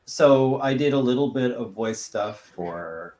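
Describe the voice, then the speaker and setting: A man's voice: medium pitch, expressive, a little slow, a little mellow. Guy rambling casually on a stream, mid voice, echoey room. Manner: rambling, thinks aloud with many likes. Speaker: livestream host. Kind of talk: casual chat.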